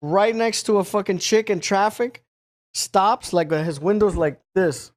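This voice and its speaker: Host, male, high pitch, rambling profane anecdote with lots of "like" and acted-out bits. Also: unhurried. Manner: rambling, profane, full of filler words; animated, acts out other people. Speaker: podcast host. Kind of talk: casual storytelling.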